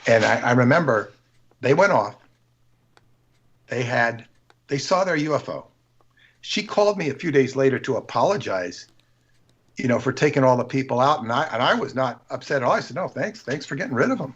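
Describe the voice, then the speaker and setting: A man with a husky, somewhat breathy voice tells long, wandering anecdotes, stopping and restarting his sentences. The stream audio sounds dull and lo-fi. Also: mid-range voice, animated, normal speed, long pauses. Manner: rambling anecdotal storytelling with many restarts. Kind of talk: casual livestream chat.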